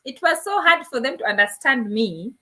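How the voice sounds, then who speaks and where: A woman's voice: high-pitched, animated, moderate pace, fairly bright tone. A young woman from Africa chatting as a guest, telling funny stories and acting out quoted dialogue. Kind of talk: casual interview chat.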